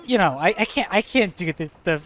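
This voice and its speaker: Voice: mid-range voice, animated, brisk, fairly bright tone. Joking, rambling game streamer. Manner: joking, laughs often, rambling asides. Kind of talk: casual gameplay commentary.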